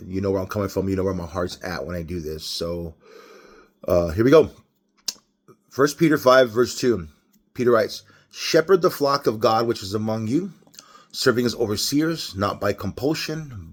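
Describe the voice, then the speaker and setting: Gravelly casual man with a Los Angeles accent. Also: lowish voice. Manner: casual, rambling, self-correcting, laughs often. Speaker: lay devotional speaker. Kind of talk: unscripted devotional talk.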